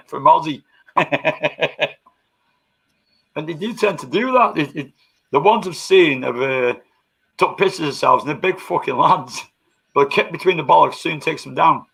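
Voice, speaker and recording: A man's voice: fairly high pitch, normal speed, vocal fry, a bit bright, husky, low-quality recording. A man hosting a casual live-stream chat, bantering with coarse slang and laughing often.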